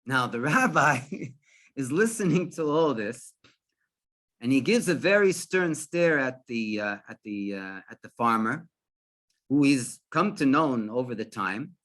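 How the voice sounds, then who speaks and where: A man, a rabbi, telling a religious story in an animated way with frequent restarts. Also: medium pitch, unhurried.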